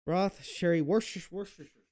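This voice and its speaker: A fast-talking young man with a high-sitting, darkish-toned voice hosts a cooking channel. His casual vlog chat rambles along, full of fillers and self-deprecating jokes.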